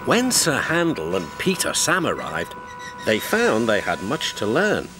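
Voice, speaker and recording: A man narrating a children's story in a lively, expressive storytelling manner. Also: mid-range voice, measured pace. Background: music score.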